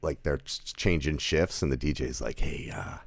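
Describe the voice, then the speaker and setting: A man's voice: extremely low pitch, normal speed, gravelly, no echo. A man giving a casual movie review, rambling with lots of fillers, restarts and chuckling asides. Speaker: film reviewer.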